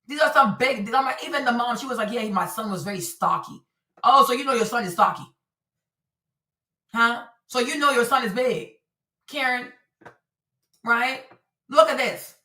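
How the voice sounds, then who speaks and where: Animated woman streamer in echoey room. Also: on the high side, moderate pace, pauses often, far from the mic. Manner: animated, repetitive, talks to her audience. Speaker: streamer commentator. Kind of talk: livestream commentary. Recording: roomy echo, voice a bit off-mic.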